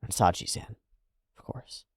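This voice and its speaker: A man hosting a reaction video, talking casually and animatedly, swearing freely and swinging between loud outbursts and hushed asides. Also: unhurried, no room sound, clean studio sound.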